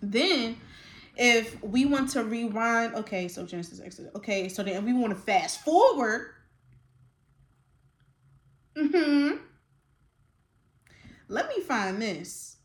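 A woman hosting a faith-based casual talk. She speaks with passion, drops slangy asides and gets excited as she goes. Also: fairly high pitch, slow pace, long pauses, echoey room. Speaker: podcast host.

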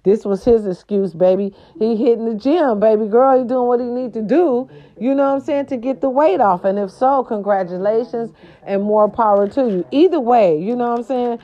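A woman's voice: fairly high pitch, moderate pace. A woman hosting her own show, chatting casually and sassily about celebrity gossip with slangy asides. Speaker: host. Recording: dull lo-fi sound with faint music.

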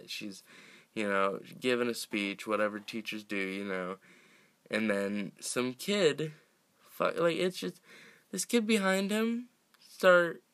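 Slow, low-voiced man recapping. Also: bright, forceful tone, no room sound. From United States. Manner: rambling, laughs often, frequent restarts and fillers. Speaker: podcast host recapping a film. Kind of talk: casual film recap.

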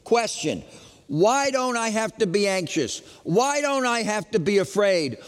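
A man preaching an Easter sermon as pastor, dramatic, moving from loud questions to hushed lines. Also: high voice, very animated, unhurried, clean tone, in a large hall.

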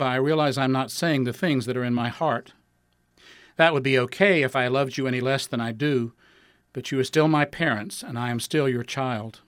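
A man reads his own heartfelt letter aloud, earnest and tender at a middle pitch. The recording is dry and close. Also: a bit bright, clear, resonant tone, no echo. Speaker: author reading his own work.

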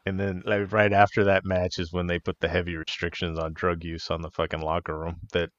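Low-voiced man swapping wrestling stories. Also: monotone, fairly quick, fairly bright tone, no echo. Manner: laughs often, swears freely, acts out quotes. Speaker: podcast co-host, wrestler. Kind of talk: casual chat, storytelling. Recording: dull, muffled audio.

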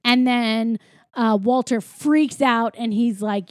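A chatty woman with a fairly high voice recaps a film in loose, rambling talk. The sound is dry and close, with no room around her. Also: fairly even intonation, slow, no room sound. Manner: chatty, lots of filler and quoted voices. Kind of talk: casual chat, retelling a film plot.

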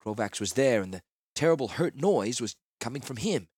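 A man narrating a first-person fantasy novel in a measured, earnest way. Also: medium pitch, sing-song, darkish tone, husky, dry recording, studio quality. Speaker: audiobook narrator.

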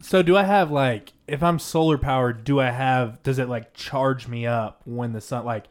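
A young man with a mid-pitched voice who rambles and thinks aloud. He strings his thoughts together in a relaxed, casual chat. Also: moderate pace.

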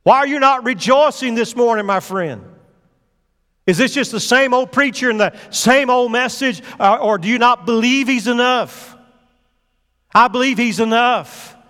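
A man's voice: very high-pitched, moderate pace, pushed and bright, clean tone, big-room sound. A man preaching a fervent sermon as pastor, pressing his point with rising emphasis. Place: church sanctuary.

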